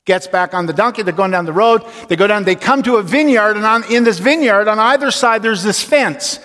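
A man preaching a sermon, telling a story casually and then slowing down and dropping low to stress his point. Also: a bit bright. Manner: storytelling, slows and drops low for emphasis. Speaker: pastor. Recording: long reverb of a large hall.

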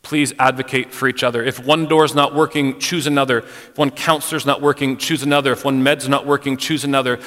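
A man's voice: medium pitch, little pitch movement, a little fast, fairly bright tone. Frank man speaking in a reverberant church. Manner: conversational, frank, personal, uses "like" often. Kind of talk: candid church talk on mental health. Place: church sanctuary. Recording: long hall reverb.

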